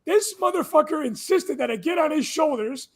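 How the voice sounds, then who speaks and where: A man hosting a casual live-stream chat show, excitable and swearing freely. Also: very high voice, moderate pace. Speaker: host.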